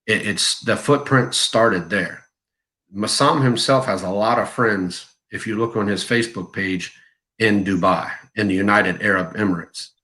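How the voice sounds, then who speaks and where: A man's voice: on the low side, measured pace, pushed and bright. A man co-hosting a live fragrance show, ranting in a blunt, mocking and crude way. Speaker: co-host of a fragrance review livestream. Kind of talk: heated livestream rant.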